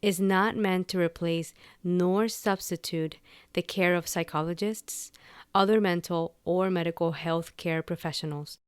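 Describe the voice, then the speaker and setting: A woman's voice: fairly low pitch, clear, resonant tone, no room sound, clean studio sound. A woman hosting her own podcast, talking unscripted and candidly, telling stories animatedly and acting out bits of dialogue. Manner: candid, animated storytelling with laughs and quoted dialogue. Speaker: podcast host. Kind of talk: unscripted personal podcast monologue.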